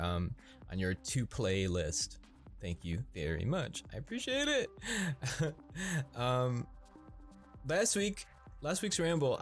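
A man from the Midwest with a Midwestern American accent, rambling casually as a podcast host, halting with many restarts and frequent laughs. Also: lowish voice.

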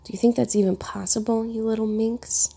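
A stern, dominant man speaks in whispered role-play, voiced by a woman narrator. His lines come slow and commanding, deliberately measured. The voice is gravelly and husky. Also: flat delivery, warm tone. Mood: mocking. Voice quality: low and gravelly.

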